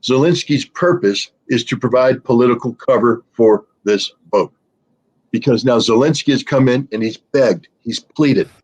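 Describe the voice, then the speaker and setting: A man's voice: medium pitch, moderate pace, darkish tone, slightly rough. A man speaking as a guest commentator in an interview, blunt and sarcastic, with frequent fillers and restarts.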